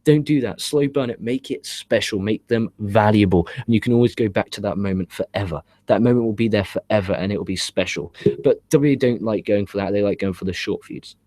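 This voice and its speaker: Ranting, profane man, low voice. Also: a little fast, a little mellow, no echo. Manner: ranting, profane, emphatic and repetitive. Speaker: wrestling show reviewer and host. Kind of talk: casual opinionated review with live comments.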